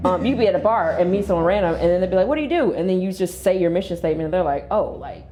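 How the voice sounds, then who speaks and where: A woman's voice: fairly low pitch, steady tone, racing, crowd noise. Emphatic woman giving business advice. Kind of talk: casual chat.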